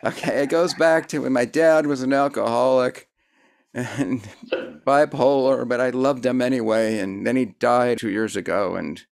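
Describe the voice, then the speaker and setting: A man's voice: mid-range voice, steady tone, normal speed, vocal fry. A man hosting a casual interview, rambling and self-deprecating, full of fillers and restarts. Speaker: host.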